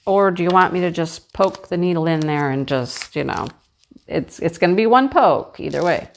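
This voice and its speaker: A middle-aged woman chats casually as she works on a craft, telling a long story and acting out what other people said. Her voice sits a little low for a woman, and her tone is sympathetic and conversational. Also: lively intonation, moderate pace, vocal fry. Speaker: crafting channel host. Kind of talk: casual chat while crafting.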